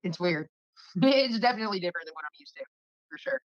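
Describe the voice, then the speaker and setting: A streamer chats casually with her viewers, rambling, laughing and swearing as she goes. Her mid-range voice is animated and fast, captured in a dry recording with the highs cut off.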